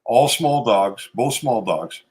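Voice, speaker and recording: A man co-hosting a casual chat, easygoing and quick to laugh. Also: mid-range voice, animated, darkish tone, slightly rough. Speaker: podcast co-host.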